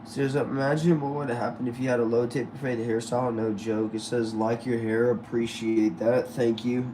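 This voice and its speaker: A man's voice: medium pitch, flat delivery, normal speed, dark tone, slight background noise. A man casually chatting with his viewers and reading their comments aloud in laid-back slang. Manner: laid-back slangy talk, addresses viewers as y'all and bro. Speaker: streamer reading chat. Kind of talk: casual live chat.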